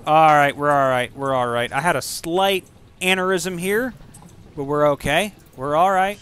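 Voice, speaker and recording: A man giving casual let's-play commentary over a video game, excitable and profane, breaking into silly rhymes and sound effects. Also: on the high side, measured pace, smooth. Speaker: gaming channel host.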